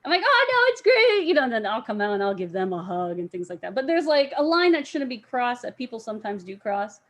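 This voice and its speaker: A young woman telling a story as an interview guest, acting out the quoted people with loud outbursts and laughter. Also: medium pitch, fast.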